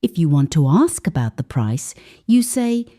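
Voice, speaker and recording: A woman narrates an English lesson at an unhurried pace, speaking slowly and clearly. Her tone is mellow, and her pitch moves up and down a lot, rising whenever she reads out an example phrase. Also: big pitch swings. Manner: slow and clear, sample phrases read with a higher lilt. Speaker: English teacher.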